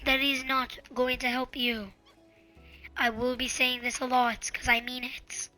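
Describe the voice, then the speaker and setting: Earnest host, female, high bright voice, pleading and repetitive, with faint music underneath. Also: little pitch movement, a little slow. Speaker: channel host. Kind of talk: casual advice monologue.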